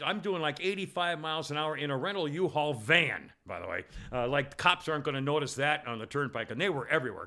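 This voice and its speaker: A man hosting a casual podcast, his voice sitting a little high for a man. He rambles through a long story full of restarts and stumbles, and he grows louder and more heated as the tale builds. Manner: rambling storyteller with many restarts, gets loud when worked up. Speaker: podcast host. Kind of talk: casual chat.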